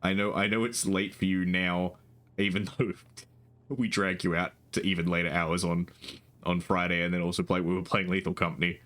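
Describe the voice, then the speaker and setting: Deep-voiced streamer rambling. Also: male voice, level tone, normal speed, a bit bright. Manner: rambling, swears casually, frequent restarts. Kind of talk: casual live-stream chat.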